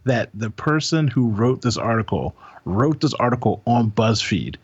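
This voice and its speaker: A man's voice: mid-range voice, animated, moderate pace, slightly rough, no echo, dull audio. Joking, rambling podcast co-host man. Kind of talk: casual chat.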